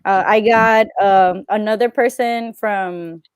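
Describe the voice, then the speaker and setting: A woman's voice: medium pitch, steady tone, clear, resonant tone, no room sound, clean studio sound. A woman guesting on a live stream, chatting casually and teasing with lots of giggles. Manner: giggly, teasing, quick bursts. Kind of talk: casual chat.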